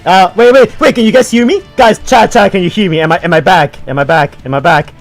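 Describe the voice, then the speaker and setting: A man hosting a livestream, excitable and flustered, laughing through casual chat. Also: sits high, quick pace, soft background music. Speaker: livestream host.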